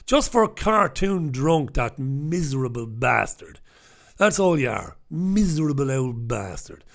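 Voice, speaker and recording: Ranting, gravelly man. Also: medium pitch, sing-song, unhurried. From north of England. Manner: ranting, blunt and sweary. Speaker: radio host. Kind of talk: newspaper review monologue. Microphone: talking close into two microphones.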